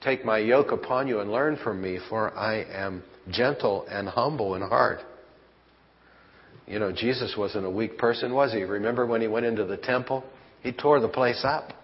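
A man's voice: on the low side, moderate pace. A man preaching a sermon as pastor, folksy and conversational, asking his congregation rhetorical questions. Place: church. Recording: lo-fi church hall recording with long reverb.

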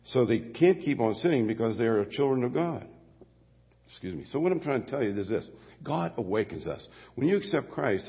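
A man's voice: medium pitch, slightly rough. An older man preaching a sermon as pastor, folksy and rambling, often correcting himself mid-sentence. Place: church sanctuary. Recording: dull long-reverb church sound.

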